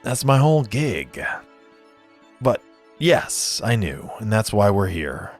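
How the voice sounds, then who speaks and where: A man voicing a smooth-talking male smuggler in a tabletop game, slick and persuasive. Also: lowish voice, very animated, takes it slowly, darkish tone, soft background music, pitched above the performer's own voice, heavily acted. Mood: sly.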